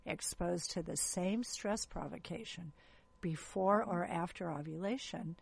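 A blunt, stubborn German male scientist, quoted by a woman in a matter-of-fact tone. The voice is gravelly and husky, pitched a little up from her own. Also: a little slow, full character voice.

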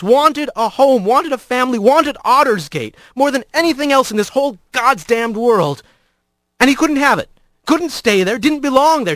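A man narrating fiction in a dramatic, expressive audiobook reading. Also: sits high, dry recording, studio quality.

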